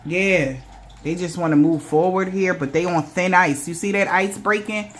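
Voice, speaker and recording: A lowish-voiced woman gives a loose tarot reading at a moderate pace, cursing freely and impersonating the people she mentions. A faint hiss or hum is audible.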